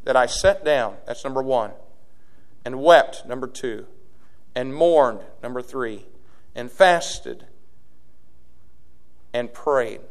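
A man preaching a sermon, dropping to a hush and then building to loud, urgent appeals to the congregation. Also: mid-range voice, animated, takes it slowly, long pauses. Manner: swings from hushed to shouting, preaching to a congregation.

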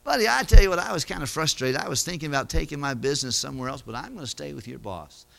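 A man's voice: on the high side, animated, fast talker, creaky, fairly bright tone, soft background music, pitched below the performer's own voice. A man voicing a friendly, folksy debtor who talks in a chummy way. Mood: grateful. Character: grateful friendly male debtor, folksy businessman.

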